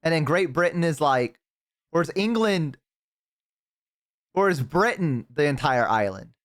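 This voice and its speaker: A man's voice: fairly high pitch, expressive, unhurried, no room sound, clean studio sound. A man streaming live, chatting casually to his viewers, rambling and swearing freely.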